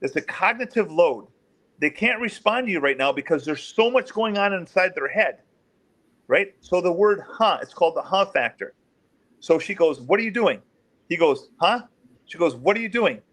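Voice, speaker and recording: A middle-aged man with a slightly raised pitch tells police stories in a lively, conversational way. He jumps into the voices of the people he quotes, lifting his pitch as he plays them out. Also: normal speed. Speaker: guest, former police officer. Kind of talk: storytelling in an interview.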